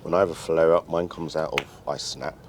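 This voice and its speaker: Deep-voiced fast-talking blunt man. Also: background noise. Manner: blunt, animated, swears freely. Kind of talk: casual chat.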